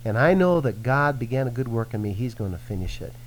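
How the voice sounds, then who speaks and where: A man's voice: medium pitch, fast, a little hiss or hum, rough recording. A man speaking as a Christian minister, teaching earnestly in conversation and acting out quoted voices. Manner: earnest, animated preaching with acted-out quotes. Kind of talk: teaching in a radio-style conversation.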